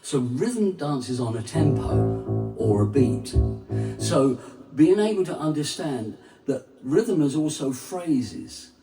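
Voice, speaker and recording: An unhurried male vocal coach speaks slowly and with emphasis, breaking into sung vowels to show what he means. His voice comes from a little way off the mic in a roomy, echoing space. Faint music plays underneath. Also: a little high, sing-song, warm tone, far from the mic. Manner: demonstrates with sung vowels and scat syllables. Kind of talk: singing lesson to camera.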